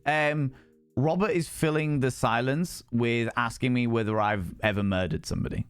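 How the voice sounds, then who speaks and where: A young man talks animatedly over a dating game he is streaming, reading lines aloud and swearing freely. His voice sits at a mid pitch in a dry, close sound with faint music behind it. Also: normal speed, clear, resonant tone, no echo. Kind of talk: casual gameplay commentary.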